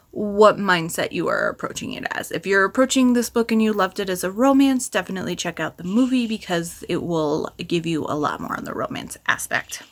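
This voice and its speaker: A woman's voice: medium pitch, fairly bright tone, slight background noise. Woman doing a casual book review vlog, candid and chatty, lots of ums and likes. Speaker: book vlogger.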